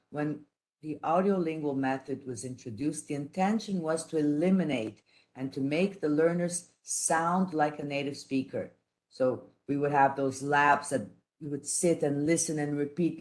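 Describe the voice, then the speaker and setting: A woman giving a teaching lecture, speaking in a careful, halting way with frequent restarts and pauses. She grew up speaking three languages at once. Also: low voice, darkish tone. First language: none, raised trilingual. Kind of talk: online lecture.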